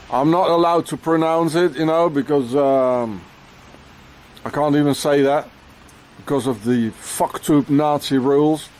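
A man sits outside in the rain and rants to the camera in a rambling, angry way, peppering every phrase with "you know" and "eh?" and swearing freely. His voice sits a little high for a man. Faint traffic hums in the background. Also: darkish tone. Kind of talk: rambling outdoor rant to camera. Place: outdoors in the rain.

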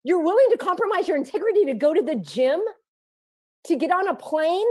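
A woman speaking straight to her viewers, out of breath, firing rhetorical questions that build to near-shouting. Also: very high-pitched, very animated, normal speed, long pauses. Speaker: activist vlogger. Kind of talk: impassioned direct-to-camera monologue.

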